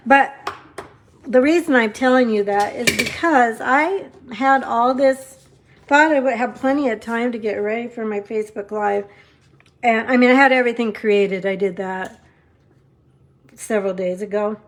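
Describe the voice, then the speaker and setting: A woman's voice: on the high side, moderate pace. Chatty woman demoing card crafts live. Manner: chatty, rambling, warm toward viewers. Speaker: papercraft demonstrator. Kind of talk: live-stream craft demo chat.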